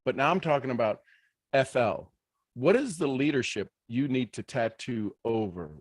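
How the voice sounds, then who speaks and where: A man giving a motivational leadership talk on a live stream, animated, full of rhetorical questions and restarts. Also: mid-range voice, dry recording. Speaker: leadership speaker.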